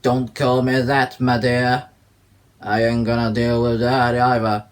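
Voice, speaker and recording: A man putting on the voice of a gruff, scornful older man who scolds in drawn-out, growling phrases. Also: medium pitch, level tone, pitched below the performer's own voice, close to an everyday voice. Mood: scolding.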